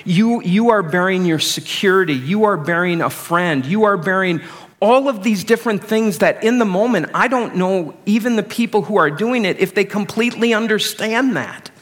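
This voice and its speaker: Middle-aged guy pastor preaching, kinda high voice, chatty and joking at himself. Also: moderate pace, a bit bright. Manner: conversational, self-deprecating humor. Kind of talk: sermon.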